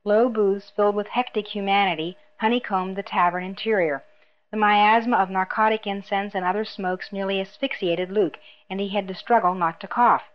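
A woman reading a novel aloud in a measured, even narration. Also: medium pitch, dull audio. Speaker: audiobook narrator. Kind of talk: scripted narration.

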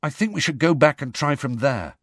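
A man voicing a forceful, hasty teenage boy wizard in an audiobook. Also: mid-range voice, expressive, fairly quick, no room sound, studio quality, voice pushed up.

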